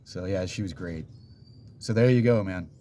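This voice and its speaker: A man's voice: sits low, normal speed, dark tone. A man casually telling a personal story in a chatty, rambling way, full of fillers and little laughs.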